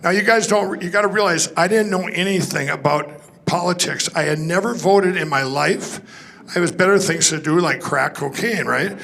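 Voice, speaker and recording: A man speaks from a conference stage, telling his personal testimony. His voice is gravelly and sits slightly high. He rambles excitedly and restarts his sentences often. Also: moderate pace, slight background noise.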